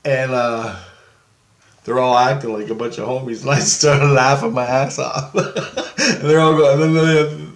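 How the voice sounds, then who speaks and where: Telling the story of his astral travel experience, a man rambles casually, curses, laughs a lot and imitates the people in the tale. He speaks at medium pitch, a little slowly, in a reverberant space.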